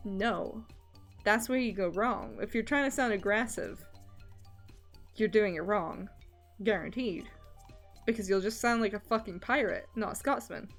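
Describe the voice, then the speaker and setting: A woman's voice: medium pitch, a little slow, long pauses, soft background music. Scottish woman rambling on stream. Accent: Scottish, Edinburgh area. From Scotland. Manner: rambling, filler-heavy, swears casually. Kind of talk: casual livestream chat while drawing.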